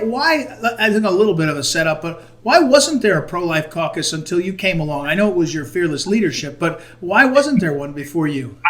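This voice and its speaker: Halting higher-voiced male interviewer. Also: fairly bright tone. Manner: halting, many fillers and restarts. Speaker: interviewer for a conservative group. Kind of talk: casual video interview.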